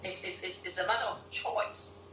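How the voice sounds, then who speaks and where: A woman from Ghana, a guest on a live-stream interview, telling stories in an animated way and laughing often. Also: mid-range voice, moderate pace. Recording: roomy, distant mic with faint hum.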